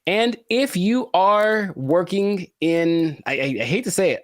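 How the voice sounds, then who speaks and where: A man's voice: high voice, animated, brisk, few pauses, no echo, studio quality. A man co-hosting a casual podcast chat, jokey and theatrical, with mock-emotional asides. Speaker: podcast co-host.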